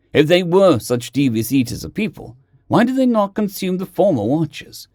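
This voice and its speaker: A man narrates a fiction story with expressive, animated delivery. His pitch moves lively through each sentence. The recording is close to the mic and dry. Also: no room sound.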